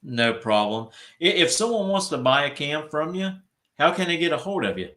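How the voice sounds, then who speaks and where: A man's voice: a little high, very animated, moderate pace, bright, forceful tone. A man, hosting an interview in casual, folksy chat. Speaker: interview host.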